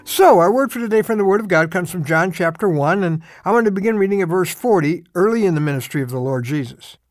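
Man, radio devotional, storytelling, lively pitch, dry close sound. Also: quick pace, no echo, soft background music. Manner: conversational storytelling, animated. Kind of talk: short radio devotional sermon.

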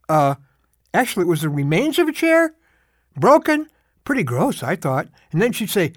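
A middle-aged man giving a short radio devotional, telling a story in an animated, conversational way. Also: high voice, brisk, no echo, studio quality.

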